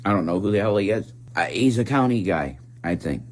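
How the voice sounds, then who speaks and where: Give me a man with a slightly low voice, telling a dramatic story in earnest. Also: expressive, brisk. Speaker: vlogger. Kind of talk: casual storytelling vlog.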